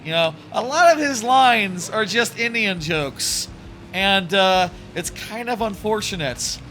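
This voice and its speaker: A man's voice: high voice, expressive, takes it slowly, sharp tone, a little hiss or hum. A man streaming a video game, giving casual commentary and thinking aloud in a rambling way.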